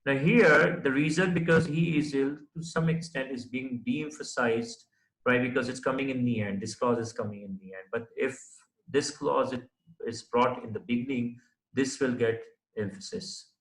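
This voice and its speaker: A man's voice: mid-range voice, normal speed, fairly bright tone. A man teaching a recorded lecture, who explains step by step and keeps checking understanding with "right?". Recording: echoey room.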